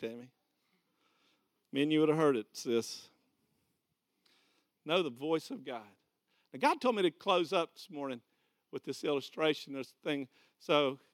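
A man with a Southern American accent preaching a folksy, conversational sermon in a church hall. He repeats key phrases and directs volunteers. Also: fairly high pitch. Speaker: pastor. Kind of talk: folksy sermon with a live demonstration.

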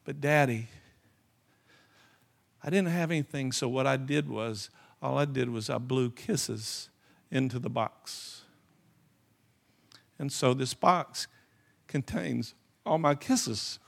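A man voicing a little girl of about four in a retold story, speaking slowly and gently. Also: mid-range voice, creaky. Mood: earnest.

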